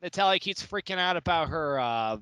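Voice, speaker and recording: A man's voice: on the high side, lively intonation, brisk, bright, forceful tone, smooth, no echo, low-quality recording. A man co-hosting a casual review podcast, rambling with stumbles and restarts. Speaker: podcast co-host.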